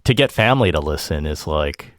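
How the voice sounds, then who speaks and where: A man's voice: very deep voice, lively intonation, fairly quick, a bit bright, no room sound, studio quality. A man hosting a podcast and chatting casually, laughing often and acting out what family members say. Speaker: podcast host. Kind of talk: casual chat.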